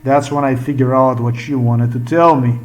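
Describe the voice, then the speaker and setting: A man's voice: medium pitch, fairly even intonation, normal speed, slight background noise, poor audio. A man, an English speaker, talking upset and profane in a rambling vlog monologue. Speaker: vlogger. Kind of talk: agitated monologue.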